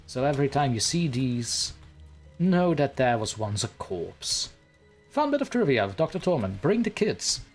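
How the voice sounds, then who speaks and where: A man's voice: medium pitch, very animated, normal speed, soft background music. A man streaming a game live, chatting playfully and theatrically with his viewers and the characters on screen. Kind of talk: live let's-play commentary.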